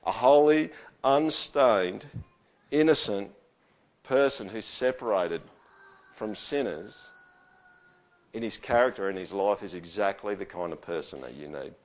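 Male pastor, casual conversational sermon, animated in quotes. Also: lowish voice, unhurried, pauses often. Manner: conversational, animated when quoting.

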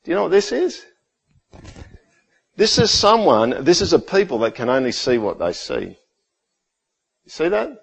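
Middle-aged male pastor, somewhat high-pitched, chatty sermon delivery. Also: big pitch swings, normal speed, creaky, pauses often, slightly rough, low-quality recording. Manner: conversational preaching, rhetorical questions, drops to quiet intensity.

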